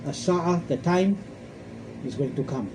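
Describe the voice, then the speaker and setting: A man's voice: fairly high pitch, expressive, unhurried, background noise. A man giving an emphatic religious lecture, quoting Arabic verses and asking rhetorical questions. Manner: emphatic, repeats points, quotes Arabic verses. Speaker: Islamic scholar giving a talk.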